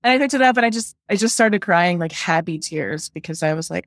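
A woman's voice: on the low side, lively intonation, fairly quick, few pauses, dry recording, clean studio sound. A woman working as a love coach, telling her story in a casual interview, chatty and full of "like", acting out her own past thoughts.

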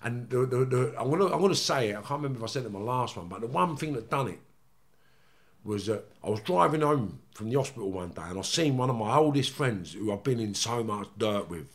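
A man's voice: medium pitch, animated, quick pace. Intense man, raw and blunt. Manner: intense, repetitive, blunt with swearing. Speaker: guest, former criminal. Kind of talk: emotional interview storytelling.

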